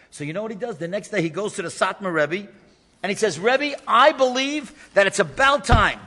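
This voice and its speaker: A man, a rabbi, telling a story in an animated lecture and acting out the voices of the people in it. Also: high-pitched. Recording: lecture in a reverberant hall.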